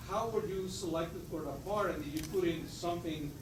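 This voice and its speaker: A man calls out a polite question from the audience, pausing as he goes. His slightly high voice is far from the mic and rings in a roomy hall, with faint noise. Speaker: audience member asking a question. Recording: distant voice in an echoey room.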